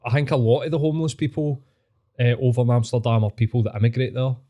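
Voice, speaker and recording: A Scottish man hosting a podcast, telling sweary, animated stories in casual chat. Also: mid-range voice, quick pace, lo-fi sound. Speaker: podcast host.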